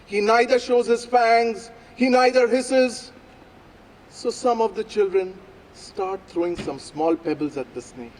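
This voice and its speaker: A man telling a folk story aloud at a live event, with slow, deliberate phrasing and dramatic pauses. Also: sits high, a little mellow, a little hiss or hum, poor audio. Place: outdoor public plaza.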